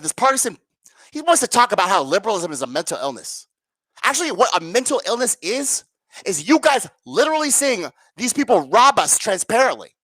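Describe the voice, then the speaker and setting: Ranting, sarcastic woman with a lively voice. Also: mid-range voice, no echo. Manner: rhetorical questions to viewers. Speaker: political commentary host. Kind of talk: solo livestream political commentary.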